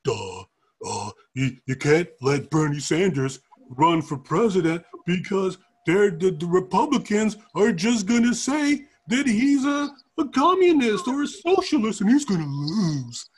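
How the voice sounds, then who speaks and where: A man's voice: sits high, sing-song, unhurried, a little mellow, slightly rough, exaggerated voice. A man putting on a dim-witted, whining male centrist Democrat who stammers and rises to a cry. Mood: whiny. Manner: dopey, stammering, rising to a cry.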